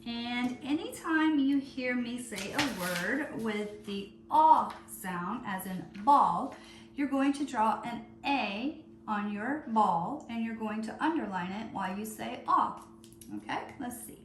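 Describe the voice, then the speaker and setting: A woman teacher leading a phonics lesson for young children, calling out words slowly and stretching out the sounds. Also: a little high, lively intonation, reverberant, a little hiss or hum. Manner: slow, drawn-out word calling.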